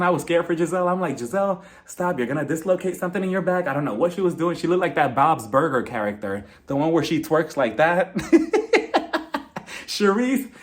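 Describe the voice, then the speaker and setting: Chatty gossiping man with lively pitch. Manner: chatty and gossipy, quick impressions of cast members, laughs often. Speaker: reality TV recap host. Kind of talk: casual recap vlog.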